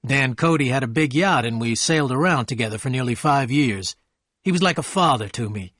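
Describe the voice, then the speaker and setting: A man voicing a charming, wealthy young gentleman who speaks with eager courtesy, in an audiobook reading. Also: mid-range voice, lively intonation, fairly quick, no room sound, clean studio sound.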